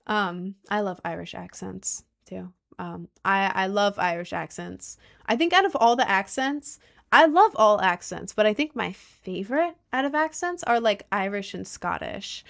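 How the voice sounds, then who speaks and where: Excitable woman chatting on stream. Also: measured pace, gravelly. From United States. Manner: excitable, gushing, playful, with squealing jumps in pitch. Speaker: livestreamer reading chat. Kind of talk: casual live-stream chat.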